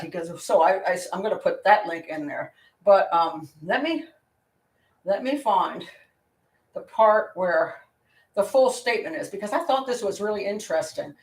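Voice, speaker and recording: A woman's voice: mid-range voice, lively intonation, normal speed. A woman hosting a live Q&A as a criminal profiler, talking casually in a blunt, opinionated way, rambling and restarting her sentences. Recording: roomy sound from a distant mic.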